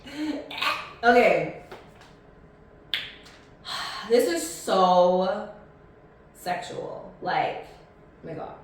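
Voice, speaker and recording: A woman's voice: medium pitch, big pitch swings, very slow, long pauses, a little hiss or hum. A woman of thirty hosting a casual solo podcast, chatty and blunt, rambling with many ums and restarts. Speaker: podcast host. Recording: echoey room, mic at a distance.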